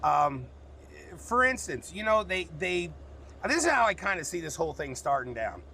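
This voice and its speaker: A man's voice: a little high, big pitch swings, moderate pace, sharp tone, a little hiss or hum. A man from the United States, a truck driver, talking frankly and rambling in a casual vlog, with plenty of cussing. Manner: frank, rambling, cusses freely.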